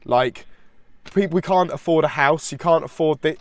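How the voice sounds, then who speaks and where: A man with a slightly high voice co-hosts a casual music podcast, sounding stuffy and congested from hay fever. He rambles eagerly, restarting sentences, recorded close on a dry, deadened mic. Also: moderate pace, no room sound. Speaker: podcast co-host.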